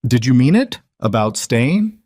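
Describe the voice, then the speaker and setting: A man voicing a tender, anxious young mother who speaks softly and hesitantly in a narrated romance story. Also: mid-range voice, very animated, measured pace, dry recording, studio quality, voice pushed up. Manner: soft, emotional, hesitant.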